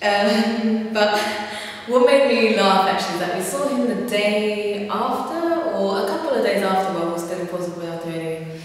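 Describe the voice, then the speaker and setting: Heard from a distance in a very echoey room with faint ambience, a young vlogger tells funny stories in a relaxed chat, laughing and using fillers. Her medium-pitched voice moves at normal speed with lively intonation.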